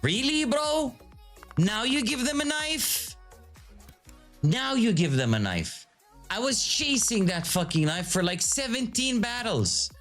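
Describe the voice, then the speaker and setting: Excitable, profane man with a lively pitch. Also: slow, faint music behind. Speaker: video host. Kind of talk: casual live commentary to viewers.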